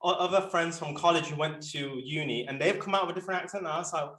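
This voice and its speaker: A man's voice: fairly high pitch, racing, a bit bright. A man with a Birmingham accent hosting a podcast, chatting animatedly and laughing often. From Birmingham, England. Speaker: podcast host. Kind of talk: casual interview chat. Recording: roomy echo.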